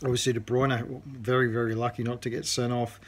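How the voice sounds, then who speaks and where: A man's voice: mid-range voice, flat delivery, fairly quick, slight background noise. A man from Australia giving a rambling fan reaction to a football match, with many fillers. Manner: rambling, full of fillers and restarts. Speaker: fan contributor. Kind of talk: casual recorded fan reaction.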